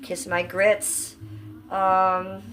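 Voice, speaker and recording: A woman's voice: medium pitch, completely flat delivery, extremely slow, fairly bright tone. A woman hosting a casual livestream from home on a phone microphone, chatting with viewers and her pets. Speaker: livestream host. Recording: roomy, distant phone audio, faint noise.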